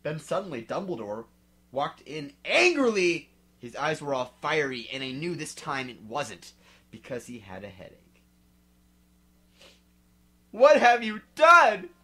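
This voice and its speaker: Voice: medium pitch, sing-song, normal speed, sharp tone. A reader giving a mocking dramatic read-aloud while drinking malt liquor, with sarcastic asides along the way.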